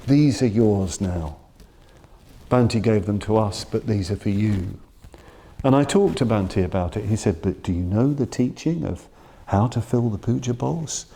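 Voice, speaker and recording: A man giving a Buddhist dharma talk in a shrine room, reflective and earnest, dwelling slowly on key words. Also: on the low side, expressive, creaky, mellow, breathy edge. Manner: reflective, earnest, quoting his teacher with slow emphasis. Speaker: Buddhist teacher.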